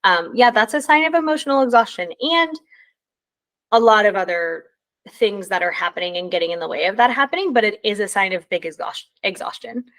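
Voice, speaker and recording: A woman talking at an everyday middle pitch in a loose, conversational way. She leans on many ums and likes and yawns now and then as she explains. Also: animated, brisk, fairly bright tone. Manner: yawning. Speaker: presenter. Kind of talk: casual talk.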